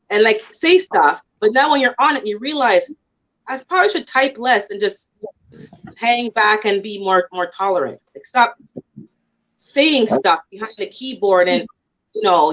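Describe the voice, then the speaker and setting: A woman's voice: mid-range voice, lively intonation, normal speed, fairly bright tone. A woman chatting casually on a livestream, greeting viewers as she talks. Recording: dull lo-fi stream audio.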